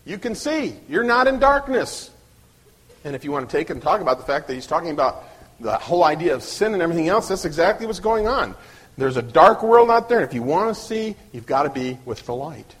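A man's voice: on the high side, big pitch swings, a little fast, breathy edge. A man preaching a sermon at a church service, earnest, often restarting and repeating his words.

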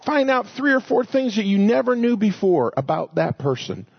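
A man quoting a brisk, bossy female trip organizer who gives quick, cheerful instructions. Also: high voice, very animated, gravelly, breathy edge, muffled recording, voice pushed up, heavily acted.

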